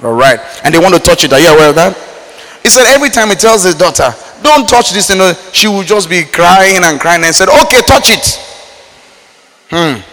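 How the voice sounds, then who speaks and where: A man from Nigeria preaching a sermon, swinging between loud emphatic lines and low quiet asides. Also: sing-song, brisk. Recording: reverberant hall.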